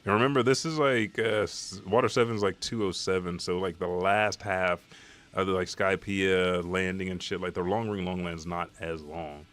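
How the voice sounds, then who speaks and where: Low-voiced swearing stream host. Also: male voice, normal speed. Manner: profane, rambling, excitable. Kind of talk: live comic reaction stream.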